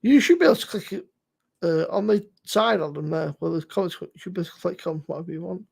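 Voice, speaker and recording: A man's voice: sits high, expressive, fast, gravelly, darkish tone, slightly rough. A middle-aged man hosting a casual livestream, chatting with loose, sweary banter and frequent laughs. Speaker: livestream host. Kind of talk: casual chat.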